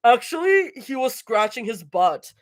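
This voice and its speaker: Girl reading as a cheeky young woman butting in, bright-ish. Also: on the high side, very animated, unhurried, pitched above the performer's own voice. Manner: cheeky, chiming in.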